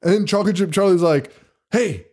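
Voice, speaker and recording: A man's voice: on the high side, moderate pace. A man hosting a podcast, chatting casually about a movie, swearing freely and laughing often. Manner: profane, excitable, laughs often. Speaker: podcast host.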